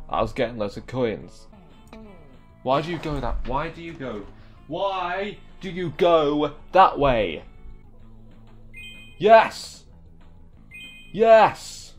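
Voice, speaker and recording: A young man giving live gameplay commentary, exasperated and talking back at the game. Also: mid-range voice. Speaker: gaming video creator.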